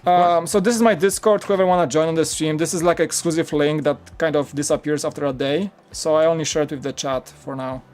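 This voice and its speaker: A man's voice: fairly high pitch, steady tone, fairly quick, hardly any pauses, a little mellow. A man in his thirties hosting a live stream, chatting casually and laughing often.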